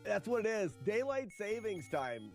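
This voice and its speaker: A man streaming a retro game, giving animated live commentary that is joking and peppered with swearing. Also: sits high, normal speed, soft background music.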